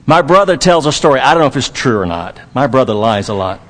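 A man's voice: medium pitch, sing-song, fast talker, long reverb tail. A man from Dallas, Texas, preaching a sermon as pastor, emphatic and repetitive, with folksy humor.

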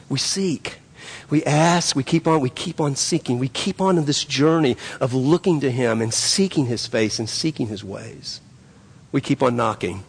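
Male pastor, gravelly voice, emphatic repetitive sermon delivery, long church-hall reverb. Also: on the high side. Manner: repetitive, emphatic preaching with many restarts. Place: church sanctuary.

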